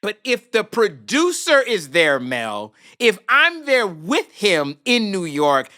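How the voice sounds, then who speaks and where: A man's voice: sits high, slow pace. A man, a guest on a podcast, telling a story with drama and acting out the people in it. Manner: lively, dramatic, acts out the people in his story. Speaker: podcast guest, film producer. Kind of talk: animated storytelling.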